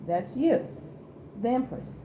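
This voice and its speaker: A woman's voice: fairly high pitch, animated, slow pace, mellow, echoey room, slight background noise. A woman host giving a casual tarot reading to camera, chatty and teasing, laughing often and talking in loose slang. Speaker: tarot reader and channel host.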